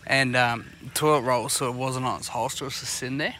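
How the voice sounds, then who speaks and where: An Australian man with a bright, cutting voice spins casual, swear-heavy stories for a podcast. He rambles and laughs as he talks, and faint outdoor and engine noise sits under the voice. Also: mid-range voice, fairly even intonation, a little fast. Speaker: podcast co-host. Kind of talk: casual chat. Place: outdoors on a fishing boat.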